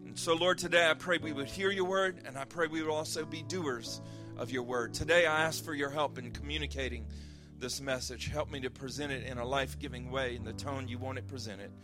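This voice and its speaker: A man preaching a sermon, reading scripture slowly and earnestly, then praying and explaining in a conversational way with some fillers and restarts. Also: medium pitch, steady tone, music in the background. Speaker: pastor.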